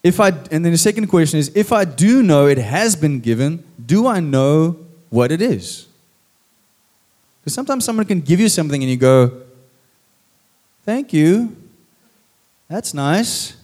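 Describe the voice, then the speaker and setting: Male pastor, relaxed sermon voice, light humor, quizzes the crowd. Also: fairly high pitch, normal speed. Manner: chatty, jokey, asks the audience questions. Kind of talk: casual sermon to a congregation.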